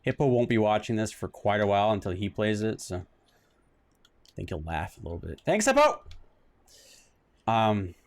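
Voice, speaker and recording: In loose let's-play commentary on a retro detective game, a male streamer speaks in a sing-song voice that swings up and down in pitch, at normal speed with frequent pauses. He rambles, restarts his words, and breaks into sudden exclamations and self-mocking asides.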